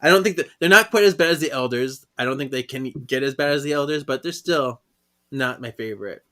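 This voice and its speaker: A man's voice: medium pitch, sharp tone. Chatty man co-hosting a podcast. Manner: chatty, laughs often, reads lines in quick impressions. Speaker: podcast co-host. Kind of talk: casual chat reading a comic aloud.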